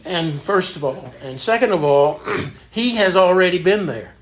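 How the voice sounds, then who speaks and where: A man's voice: sits high, expressive, measured pace, muffled recording. A man leading a church Bible study in an earnest, emphatic teaching manner, often repeating words as he goes.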